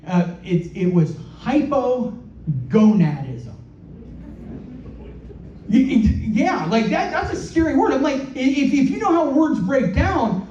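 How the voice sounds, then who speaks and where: A high-pitched man with a mellow tone performs stand-up comedy in a club, his halting, self-deprecating delivery full of repeated words. The sound is roomy and dull, picked up from a distance. Faint club ambience runs underneath. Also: slight background noise. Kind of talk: stand-up set.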